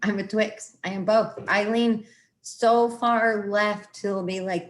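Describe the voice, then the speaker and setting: A woman's voice: mid-range voice, fairly even intonation, moderate pace. A woman in casual conversation, rambling and self-interrupting as she talks through her views and quotes her own past reactions. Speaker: guest.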